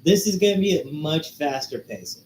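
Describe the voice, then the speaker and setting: A man's voice: fairly high pitch, lively intonation, moderate pace, darkish tone, a little hiss or hum. Laid-back man in an echoey room. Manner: laid-back, laughs often, interjects. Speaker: podcast co-host. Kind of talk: casual chat. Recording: echoey room with faint ambience.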